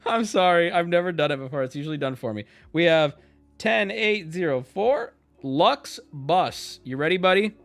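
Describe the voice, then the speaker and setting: A male streamer opening card packs live in casual, joking chat. His pitch swings widely, and he breaks into shouts when a rare card appears. Faint music plays underneath. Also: expressive, moderate pace, gravelly.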